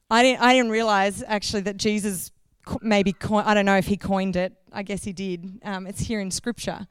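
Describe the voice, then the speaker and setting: A woman's voice: medium pitch, fairly even intonation, moderate pace, clean tone, no room sound. A woman giving a sermon in a conversational way, asking the congregation questions and correcting herself as she goes. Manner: loses her place, corrects herself mid-sentence. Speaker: guest preacher.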